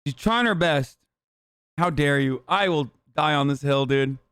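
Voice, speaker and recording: Male streamer, 30s, high smooth voice, dry close sound, sarcastic and profane. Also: measured pace, no room sound. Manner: animated, profane, sarcastic banter. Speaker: streamer host. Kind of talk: casual reaction commentary.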